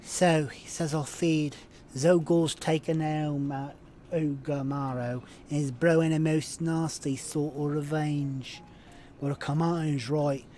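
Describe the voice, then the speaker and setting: A man's voice: a little high, flat delivery, slow, mellow, slight background noise. A man streaming a video game, chatting casually in a rambling, self-deprecating way with false starts.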